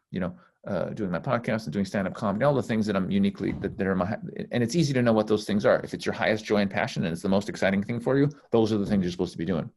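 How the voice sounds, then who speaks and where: Spiritual teacher, male, very low voice, blunt and profane, rambling and intense, casual call. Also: darkish tone. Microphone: call microphone.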